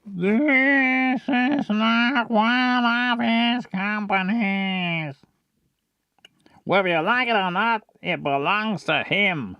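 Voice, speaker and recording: Comic putting on a higher, slow, insistent brother character, lively sing-song delivery, dry sound. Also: male voice, no room sound, dull audio. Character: slow-spoken stern young man, restaurant heir's brother.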